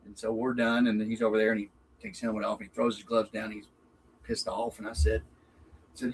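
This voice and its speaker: A man, a racing dad, telling stories in a lively way and acting out what people said. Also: brisk, slight background noise, low-quality recording. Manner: lively, acts out quotes with raised pitch. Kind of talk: animated storytelling.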